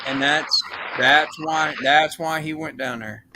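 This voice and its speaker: A man's voice: on the high side, steady tone, slow pace, noisy background. A man co-hosting a casual live-stream chat, making wry, offhand asides. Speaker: co-host.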